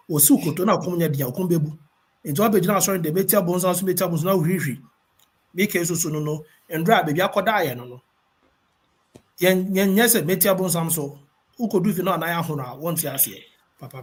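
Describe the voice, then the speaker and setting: Man, Ghanaian accent, husky voice, a bit high, casual talk show storytelling. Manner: storytelling, mixing Twi and English. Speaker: radio show host.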